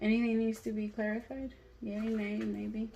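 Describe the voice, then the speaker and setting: A woman's voice: fairly high pitch, level tone, moderate pace, gravelly, warm tone, dull audio, slight background noise. A woman doing a casual tarot reading for her viewers, talking straight to them in a candid way and swearing freely. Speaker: tarot reader.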